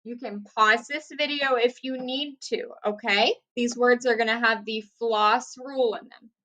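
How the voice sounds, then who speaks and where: A young woman teaching first graders a recorded phonics lesson, speaking clearly and encouragingly with steady praise. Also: fairly high pitch, unhurried, highs cut off.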